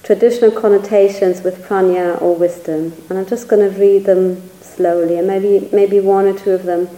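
With a mellow, mid-range voice, a woman teacher delivers a Buddhist dharma talk at normal speed and in a steady tone. The sound is roomy and poor. She's reflective and searching, often hedging with "sort of."

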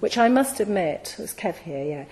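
A woman gives a reflective storytelling talk, with many ums and phrase endings that trail off softly. Her voice sits mid-range, and a long hall reverb rings behind it. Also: mid-range voice, big pitch swings, normal speed. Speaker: speaker at a Buddhist gathering.

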